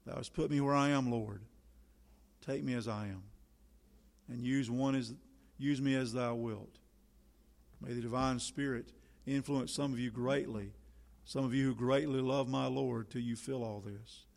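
A man's voice: mid-range voice, steady tone, unhurried, creaky, pauses often, a little mellow. A man preaching a sermon in solemn, old-fashioned biblical language, building to fervent appeals. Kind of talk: sermon reading.

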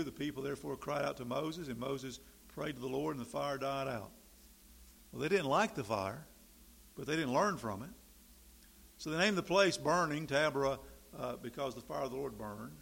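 A man preaching a sermon in an animated, sarcastic way, swinging from quiet remarks to loud, emphatic bursts. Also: medium pitch, moderate pace, creaky, long pauses, husky.

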